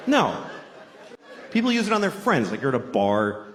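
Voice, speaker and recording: A man from Boston performing a profane stand-up comedy set on stage, ranting with loud shouted bits. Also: medium pitch, huge pitch swings, normal speed, crowd noise, noisy background. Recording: echoey room with audience laughter.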